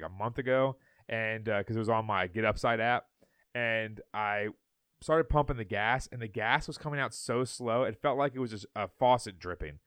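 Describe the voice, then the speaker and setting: A man's voice: mid-range voice, a bit bright, dry recording, studio quality. A man co-hosting a podcast who tells a long story in casual chat, stammering and restarting often and laughing as he goes. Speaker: podcast co-host.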